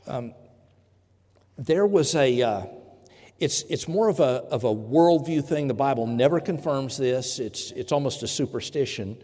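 A man preaching a sermon, earnest and deliberate, pausing often and correcting himself as he goes. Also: mid-range voice, expressive, warm tone. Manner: earnest, with pauses and self-corrections. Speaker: pastor. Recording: reverberant hall.

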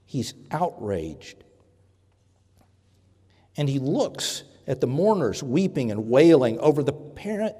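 A man preaching a sermon, earnest and deliberate, pausing often and correcting himself as he goes. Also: mid-range voice, a little mellow, husky. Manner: earnest, with pauses and self-corrections. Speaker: pastor. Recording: reverberant hall.

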